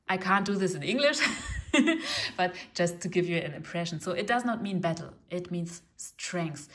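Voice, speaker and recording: Gentle German woman reading tarot. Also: on the low side. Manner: gentle, reassuring, often asks "yes?". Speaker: tarot reader. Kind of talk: casual tarot reading talk.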